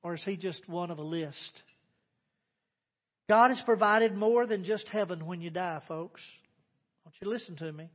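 High-voiced preaching man in a reverberant hall. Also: normal speed, pauses often. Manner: emphatic preaching, swinging between loud declarations and quiet asides. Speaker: pastor. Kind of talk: sermon. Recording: dull, reverberant church sermon recording.

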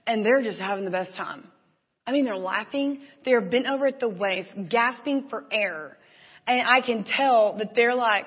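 A woman giving a sermon, telling a personal story with lively, acted-out inner thoughts. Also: on the high side. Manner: animated storytelling, acts out her own inner voice. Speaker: church speaker. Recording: dull lo-fi recording with long hall reverb.

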